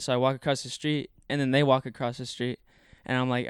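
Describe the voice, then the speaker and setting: A man's voice: medium pitch, little pitch movement, fast, hardly any pauses, smooth, dry recording, studio quality. A young man telling a story in casual talk, rambling with lots of fillers and swearing. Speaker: podcast guest.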